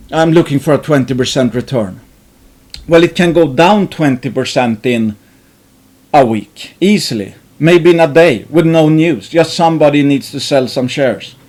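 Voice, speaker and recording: A man's voice: fairly high pitch, darkish tone. A man hosting an investing channel, thinking aloud in a rambling way, with many restarts and fillers and some casual swearing.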